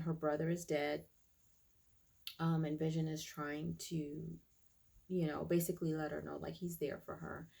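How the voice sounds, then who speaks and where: Woman vlogger, low and gravelly, chatty recap full of fillers. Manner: chatty, many fillers and restarts. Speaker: YouTube TV reviewer. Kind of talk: casual episode recap.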